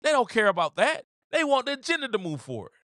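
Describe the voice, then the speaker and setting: High, animated podcast host man. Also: fast, no room sound, clean studio sound. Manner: animated, repeats phrases for emphasis, acts out quotes. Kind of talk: opinionated casual commentary.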